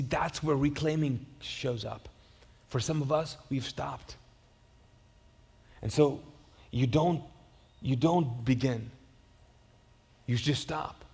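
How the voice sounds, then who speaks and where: A man's voice: medium pitch, vocal fry, a little mellow, slightly rough, in a large hall. A man preaching a sermon as pastor, conversational and storytelling, with frequent restarts and repeated words. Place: church auditorium.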